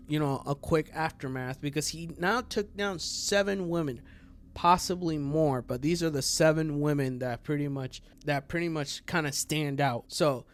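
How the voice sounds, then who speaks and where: A man hosting a true crime channel, talking casually in a rambling, profane way full of fillers. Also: on the high side. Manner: rambling, profane, full of fillers, laughs at his own jokes.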